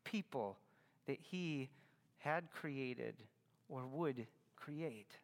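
The pastor's medium-pitched voice moves very slowly, trailing a long reverb. His Christmas sermon is earnest and teaching in tone, with strong pressure on key words.

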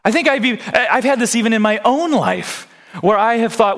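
A man's voice: very high-pitched, fairly quick, a bit bright. A man preaching a sermon as a pastor, earnest, putting questions to his congregation.

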